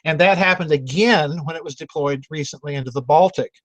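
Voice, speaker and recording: A man's voice: on the high side, a little fast, no echo. A man hosting a members' video chat, answering questions in an emphatic, direct way and often restarting words. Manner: emphatic, repeats words when restarting, addresses listener directly. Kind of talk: vidchat commentary. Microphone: video call.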